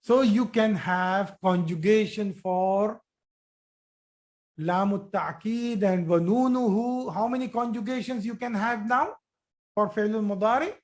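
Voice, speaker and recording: A teacher giving a live online grammar lesson, explaining slowly and repeating forms, checking with students by asking questions. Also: female voice, mid-range voice, a little mellow. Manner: slow, repetitive explaining, asks students questions.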